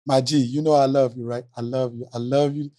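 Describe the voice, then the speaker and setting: A man's voice: mid-range voice, fairly even intonation, a little fast, mellow. A middle-aged man, a coach and co-host, talking in a teasing, laid-back way in a casual sports chat.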